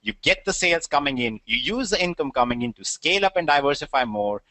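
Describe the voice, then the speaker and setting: A man co-hosting a sales webinar, explaining the business model in a steady, list-like way. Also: fairly high pitch, fast talker, dry recording. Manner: steady, explanatory, listing points.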